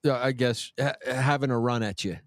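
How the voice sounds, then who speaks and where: A man's voice: medium pitch, normal speed, no echo. A man co-hosting a comedy podcast, casually chatting and asking playful follow-up questions. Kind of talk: casual chat.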